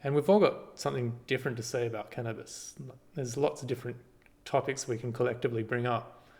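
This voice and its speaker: Man, screen-recorded tutorial, halting, filler-heavy, mid pitch. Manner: relaxed, halting, many ums and restarts. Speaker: party volunteer giving a tutorial.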